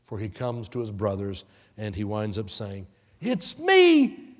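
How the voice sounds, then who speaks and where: A man preaching a sermon as pastor, retelling a Bible story with lively storytelling and acted-out character voices. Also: on the low side, moderate pace. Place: church sanctuary. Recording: long church-hall reverb.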